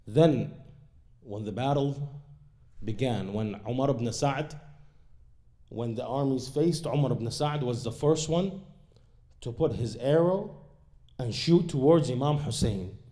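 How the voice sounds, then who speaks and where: A man giving a sermon, telling a historical account dramatically, swinging between hushed and raised lines, and reciting quick Arabic quotes before translating them. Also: medium pitch. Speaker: speaker at a religious gathering. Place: mosque or community center hall.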